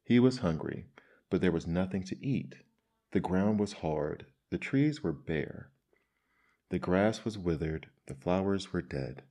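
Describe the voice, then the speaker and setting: A man reading fables aloud in a measured, expressive storybook style. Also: low-pitched.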